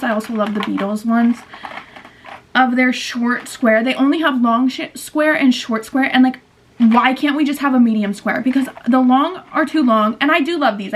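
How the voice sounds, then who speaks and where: Tired 20s girl vlogging, kinda high voice, rambly, says like a lot. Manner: rambling, chatty, lots of "like" and self-corrections. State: low-energy and tired. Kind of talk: casual vlog chat to camera.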